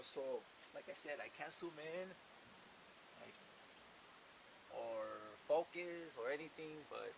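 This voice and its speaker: A man in his thirties venting in a casual vlog, profane and getting louder as he rants about his family. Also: fairly high pitch, gravelly. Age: 30s. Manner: profane, venting, gets loud when worked up. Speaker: channel host. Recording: hissy background.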